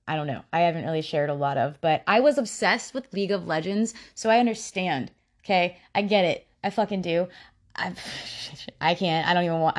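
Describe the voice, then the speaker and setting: A woman's voice: on the low side, darkish tone. A woman hosting a casual true-crime podcast, talking bluntly, swearing freely and breaking off into frank personal asides. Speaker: podcast host.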